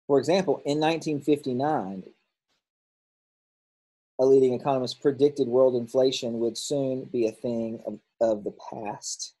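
A man leads a grammar lesson by going through the workbook answers out loud, reasoning as he speaks and revising himself when needed. His mid-range voice keeps a steady tone at normal speed, and the recording quality is low.

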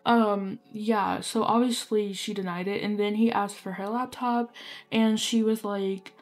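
A woman's voice: medium pitch, fairly even intonation, measured pace. Young woman gaming creator, rambling, filler-heavy storyteller who keeps apologizing. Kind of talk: casual storytelling while playing.

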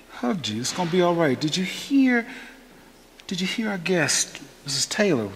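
A male pastor preaches in a church, his voice a little high for a man. He speaks conversationally, putting questions to the congregation and building to emphatic peaks. The sound carries a long hall echo over a faint hiss. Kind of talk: informal sermon. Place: church sanctuary.

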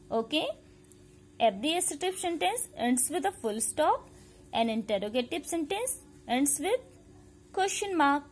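High-voiced schoolteacher. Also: female voice. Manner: repetitive, checks understanding, mixes in Hindi; spells words out letter by letter. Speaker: school teacher. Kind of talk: recorded grammar lesson for young pupils.

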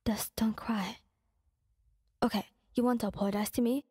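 A woman voicing a calm, caring teenage boy hero in whispered role-play, soft and gently coaxing. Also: fairly high pitch, moderate pace, breathy edge, no echo, clean studio sound. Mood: gentle.

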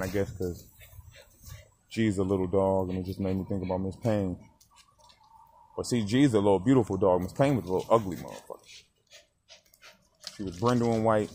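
A man in his forties telling a story in a casual vlog, animated and swearing as he talks straight to the viewer. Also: on the low side, a little hiss or hum. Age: 40s. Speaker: dog breeder. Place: outdoors walking a dog.

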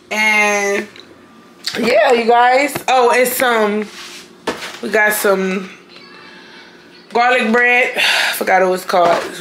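A young woman vlogs while making dinner in her kitchen, talking in a loose, playful way and calling her viewers y'all. Her voice sits fairly high and sounds tired and a little worn. Kitchen and household noise comes through clearly behind her. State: sleepy, voice a bit worn. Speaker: vlogger. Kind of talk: casual cooking vlog. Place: home kitchen.

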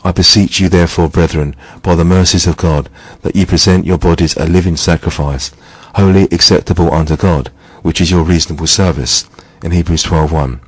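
A man preaching a scripted sermon, reading scripture quotes in a measured, steady devotional way. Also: low voice, slightly rough, dry recording, poor audio.

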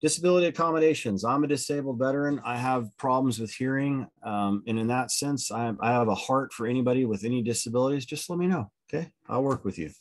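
A man's voice: mid-range voice, quick pace, few pauses. A middle-aged man, going over a course calendar on the first day of a college logic class in a candid, blunt, chatty way with many asides.

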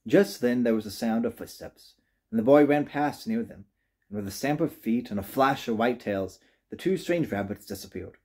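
A man reading a children's storybook aloud with gentle, expressive narration. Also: mid-range voice, normal speed. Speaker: reader.

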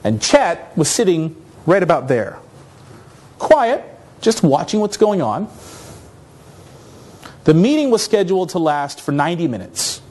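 Animated man telling a story on stage. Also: a little high, measured pace, pauses often. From North America. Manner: animated, self-mocking, casual swearing. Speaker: conference speaker. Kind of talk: storytelling conference talk.

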